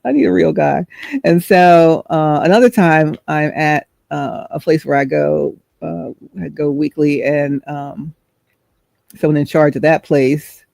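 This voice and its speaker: Middle-aged woman vlogging, chatty storyteller, kinda gravelly and mellow. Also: sits low, no echo. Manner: chatty, rambling, searches for words. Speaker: host. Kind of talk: storytelling vlog.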